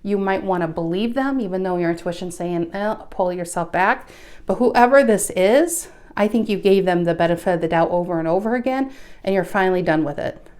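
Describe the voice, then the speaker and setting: A woman's voice: on the low side, brisk. A woman giving a casual tarot reading, chatty, with frequent restarts and a slightly breathless delivery. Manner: chatty, restarts often, animated bursts. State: a bit out of breath. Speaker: tarot reader.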